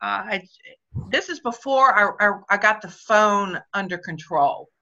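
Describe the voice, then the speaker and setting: A woman's voice: mid-range voice, unhurried. A woman telling an emotional personal story on a video call, close to tears and acting out the other voices. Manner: emotional, about to cry, animated retelling. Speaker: company leader speaking on a video call. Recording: dull lo-fi video call audio.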